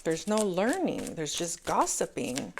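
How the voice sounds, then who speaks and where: A woman's voice: lowish voice, very animated, unhurried, noisy background. A woman doing a casual, chatty tarot reading, often checking in with "okay?" and calling her listeners angels. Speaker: tarot reader.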